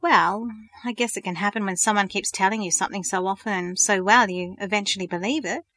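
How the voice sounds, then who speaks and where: A woman's voice: mid-range voice, fairly quick, pushed and bright, dry recording, close to an everyday voice. A woman voicing a teasing teenage boy who turns hesitant and stammering when serious, in a storybook reading. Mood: nervous.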